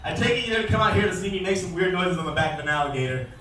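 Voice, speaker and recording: A man presenting a live alligator show, joking with and quizzing the crowd and calling out loudly to them. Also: high voice, animated, rapid-fire. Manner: calls out loudly to the audience. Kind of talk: live comedic animal demonstration. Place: outdoor show arena. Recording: echoey, distant outdoor recording with faint noise.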